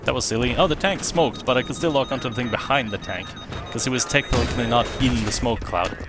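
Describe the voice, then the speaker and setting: Rambling man over loud game gunfire. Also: medium pitch, fast talker, noisy background. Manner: rambling, self-correcting, chatty. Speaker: let's play commentator. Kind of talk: casual gameplay commentary. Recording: game audio behind voice, gunfire and vehicles. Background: game gunfire and explosions.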